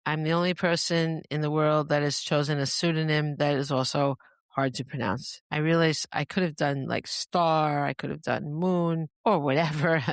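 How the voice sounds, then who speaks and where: A woman's voice: sits low, dry recording, clean studio sound. A woman hosting a podcast in a rambling, chatty monologue, often breaking into laughter. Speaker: podcast host. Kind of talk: casual monologue.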